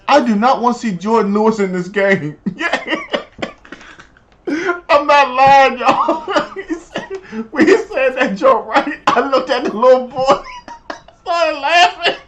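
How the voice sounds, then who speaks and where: A man streaming a football video game, chatting casually and telling stories in an animated, slangy way. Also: very high voice, slow, slight background noise. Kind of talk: casual live-stream chat while gaming.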